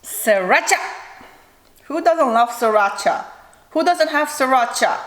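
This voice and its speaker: Cooking in her home kitchen for a mukbang vlog, a woman rambles and jokes to herself in a relaxed chat. She speaks unhurriedly in a high, expressive voice, with room reverb and a faint hiss or hum.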